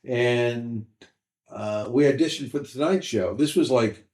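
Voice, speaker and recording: Man telling animated comedy stories. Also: mid-range voice, unhurried. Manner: animated anecdotes, mimics voices in quotes. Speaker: stand-up comedian guest. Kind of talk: storytelling interview. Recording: roomy echo.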